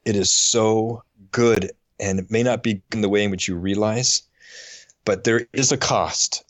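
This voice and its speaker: A middle-aged man on a faith podcast, telling a personal story in an earnest, halting way and getting choked up. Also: fairly low pitch, fairly even intonation, no room sound. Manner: earnest, halting, with frequent restarts. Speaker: podcast co-host.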